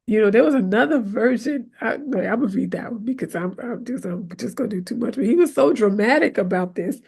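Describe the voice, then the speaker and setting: Speaking fairly quickly in a fairly high, gravelly voice with a breathy edge, a woman hosts a faith podcast. She's conversational and animated, laughing easily, repeatedly checking in with "right?", and acting out her prayers as part of her faith-based motivational talk.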